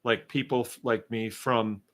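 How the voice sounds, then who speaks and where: A man's voice: mid-range voice, level tone, measured pace, a bit bright. A middle-aged man from Shrewsbury, Massachusetts, hosting a homestead channel and chatting casually while he reads viewer comments, rambling and sarcastic. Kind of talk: casual livestream chat reading viewer comments.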